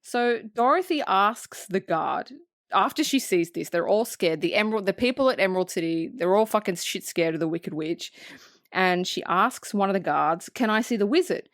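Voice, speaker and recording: A woman co-hosting a podcast, recapping a film in casual, profane, animated chat. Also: mid-range voice, normal speed, dry recording, clean studio sound. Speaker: podcast co-host.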